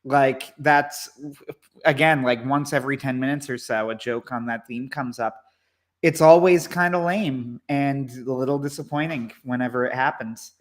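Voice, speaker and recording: A man co-hosting a casual livestream, talking in a wry, low-key way. He rambles and hesitates, often stopping to look for the next word. His voice sits at an ordinary mid pitch. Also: steady tone, moderate pace. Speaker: co-host, movie commentator.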